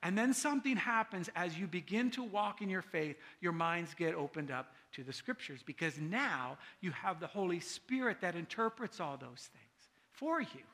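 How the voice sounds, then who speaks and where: A man's voice: sits high, animated, moderate pace, sharp tone. A man pastor giving a casual, conversational sermon, often asking his listeners "right?" and acting out the people he quotes.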